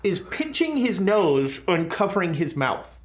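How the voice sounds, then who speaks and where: A game master narrating a horror tabletop game, halting and full of fillers and restarts. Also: medium pitch, sing-song. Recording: roomy echo.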